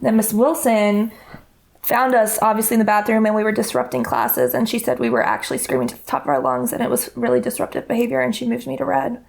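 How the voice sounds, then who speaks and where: Gravelly young woman co-host. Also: on the high side, very animated, fast, a little hiss or hum. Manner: laughs a lot, playful storytelling. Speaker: podcast co-host. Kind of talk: casual chat.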